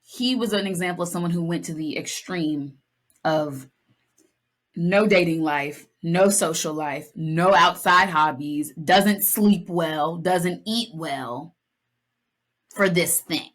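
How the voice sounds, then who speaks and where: A young woman co-hosting a podcast in relaxed chat, with a slightly low voice. She tells stories with animated energy, slipping into quick impressions of the people she describes. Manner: animated storytelling, acts out lines, playful. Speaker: podcast co-host. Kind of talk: casual chat.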